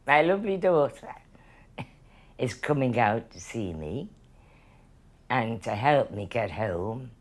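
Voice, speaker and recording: A woman's voice: rumbling low, big pitch swings, takes it slowly, pauses often. A woman, chatting cheerfully about her holidays. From Liverpool, England. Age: 80s. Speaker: retiree on holiday. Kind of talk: casual interview chat.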